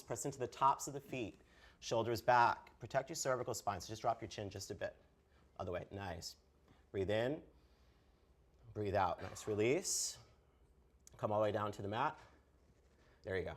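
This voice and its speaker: A man teaching yoga, giving calm, encouraging step-by-step instructions on pose and breath. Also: medium pitch.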